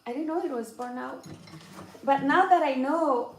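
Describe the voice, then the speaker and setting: A woman with a high voice chats slowly and playfully to her camera. She is cooking in an echoey home kitchen, with faint sizzling in the background. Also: slight background noise. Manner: playful, laughs at herself, repeats phrases. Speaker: vlogger. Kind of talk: casual vlog chat.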